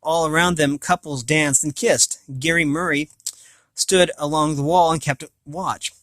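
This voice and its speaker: A man's voice: on the high side, fairly even intonation, unhurried, fairly bright tone, no room sound. A man reading a novel aloud, often stumbling, restarting and correcting himself. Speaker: reader of a novel. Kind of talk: amateur audiobook reading.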